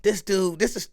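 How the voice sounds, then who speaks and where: Brash male reactor, high and gravelly, wildly animated. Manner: loud, joking, breaks into laughter and sing-song. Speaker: commentator reacting to a clip. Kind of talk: animated casual commentary.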